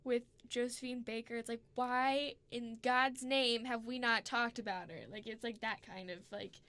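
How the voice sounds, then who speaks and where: A woman co-host with a slightly high voice, rambling through a casual chat. She pads her sentences with fillers and tosses in casual swearing. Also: fairly even intonation, moderate pace, fairly bright tone. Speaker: podcast co-host.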